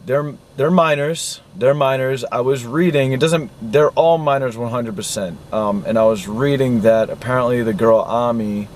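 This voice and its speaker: An indignant man delivers an angry film rant, full of swearing and repeated words, in a voice of ordinary male pitch. Faint noise hums behind him. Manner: profane, indignant, repeats himself. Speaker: vlogger reviewing a film.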